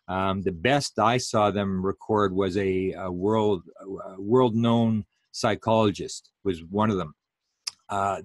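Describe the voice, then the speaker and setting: Male lecturer, low-pitched, dry close-mic sound, talks in loose restarts. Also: no room sound. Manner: rambling, many fillers and restarts. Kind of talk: public lecture.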